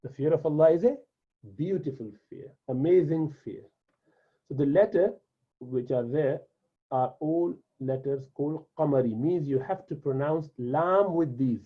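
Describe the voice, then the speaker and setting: A man's voice: on the high side, measured pace, husky. A man whose first language is Urdu, patiently teaching a beginner's lesson, repeating and drilling words one by one. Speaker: Arabic teacher. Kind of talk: classroom lesson explanation. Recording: tinny phone-like sound.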